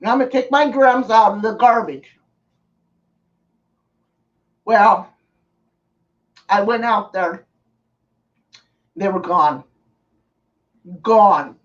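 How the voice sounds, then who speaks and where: A woman tells a story on a live stream, slowly and earnestly, stopping now and then to thank viewers. Her voice sounds set back from the mic. The sound is dull and lo-fi. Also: mid-range voice, far from the mic.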